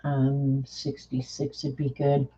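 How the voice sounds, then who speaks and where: Her voice is rumbling low and mellow with a breathy edge, delivered slowly and completely flat. She hosts a craft video, rambling through chatty stories and laughing often while she colors, on a dull lo-fi recording.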